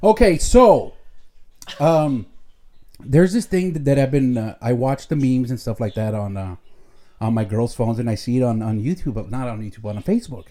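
A man's voice: mid-range voice, expressive, normal speed, dark tone. Joking man hosting. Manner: rambling, joking, mixes in Spanish slang. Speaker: podcast host. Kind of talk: casual chat. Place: at home.

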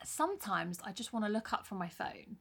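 A woman's voice: medium pitch, expressive, fairly quick, creaky, husky. A young woman co-hosting a podcast, talking candidly and casually, with the odd swear word. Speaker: podcast co-host. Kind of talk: casual chat.

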